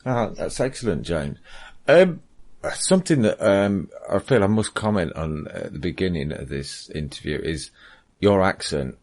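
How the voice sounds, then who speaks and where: Very deep-voiced male radio host. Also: big pitch swings, a little slow, a little mellow. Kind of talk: internet radio interview.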